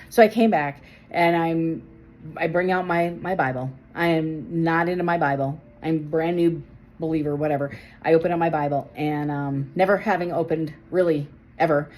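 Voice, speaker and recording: Low-voiced, emphatic woman tarot reader. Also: slight background noise, rough recording. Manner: emphatic, animated, repeats phrases for stress. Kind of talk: casual tarot reading with personal storytelling.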